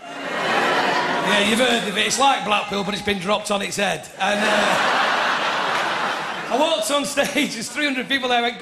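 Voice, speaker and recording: A northern English stand-up comedian with a high, gravelly voice works the crowd in a brash, teasing way. His voice rings through an echoey live venue, over loud audience laughter and chatter. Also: unhurried, pauses often, heavy background noise. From north of England. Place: comedy club stage.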